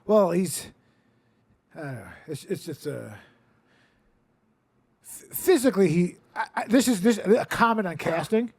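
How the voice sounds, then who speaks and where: A man's voice: high voice, animated, measured pace, pauses often, a little mellow, breathy edge. A man hosting a comedy podcast, riffing through casual banter with sarcastic jokes. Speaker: podcast host.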